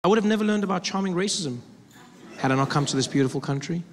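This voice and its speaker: A man from Africa, performing animated stand-up storytelling. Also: sits high, fast, very noisy. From South Africa. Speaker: comedian. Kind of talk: stand-up comedy. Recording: live hall with loud crowd.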